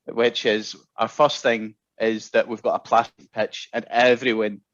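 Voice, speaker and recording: A man's voice: lowish voice, flat delivery, measured pace, a bit bright, dull audio. A Scottish man, a guest musician, telling stories in casual chat and laughing often. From Scotland. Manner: chatty storyteller, laughs often.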